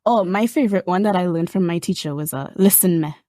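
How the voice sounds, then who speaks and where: A woman's voice: on the low side, fast talker, dark tone, dry recording, studio quality. A woman co-hosting a podcast in casual chat, laughing often and playfully mimicking slang. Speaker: podcast co-host.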